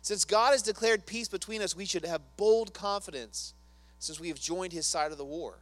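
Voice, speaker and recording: Male pastor, sermon, earnest, conversational, fairly high voice. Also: moderate pace, fairly bright tone, no echo. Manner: earnest, conversational, asks the congregation questions.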